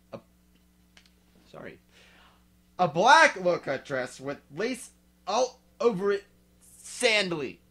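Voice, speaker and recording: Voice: medium pitch, a bit bright. A reader giving a mocking dramatic read-aloud while drinking malt liquor, with sarcastic asides along the way.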